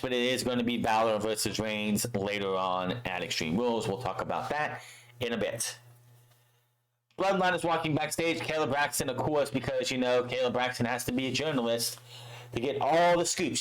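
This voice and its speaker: A man's voice: medium pitch, normal speed, poor audio. A man recapping a wrestling show in a casual, profane way, acting out the lines he quotes.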